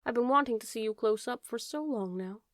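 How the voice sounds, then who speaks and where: A woman's voice: on the high side, a little fast, no room sound, natural voice. A woman voicing a curious, polite young male fawn who speaks eagerly and with wonder, in a dry-sounding storybook reading.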